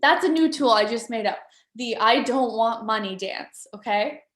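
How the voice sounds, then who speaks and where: A woman's voice: a little high, moderate pace, fairly bright tone. Upbeat woman coaching in an echoey room. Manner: playful, upbeat, coaxing the audience. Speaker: workshop facilitator. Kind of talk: live online motivational workshop.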